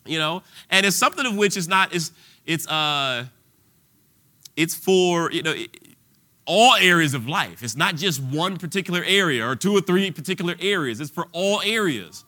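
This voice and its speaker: A man's voice: fairly high pitch, lively intonation, moderate pace, bright, forceful tone. A man preaching an informal sermon in a conversational way, full of restarts and fillers, at times rising to bold declarations.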